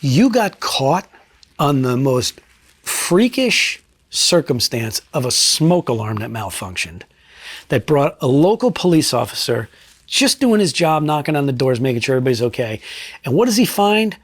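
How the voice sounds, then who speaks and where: A middle-aged retired state trooper from New Jersey telling a case story in an interview, blunt and profane, dropping low and quiet for emphasis. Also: male voice, very animated, moderate pace, husky, dry recording.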